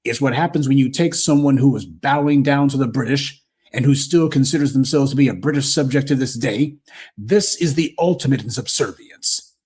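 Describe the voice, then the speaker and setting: A man's voice: mid-range voice, moderate pace, darkish tone, breathy edge. A man with a Southern American accent, hosting a commentary show and delivering an indignant, scornful monologue. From United States.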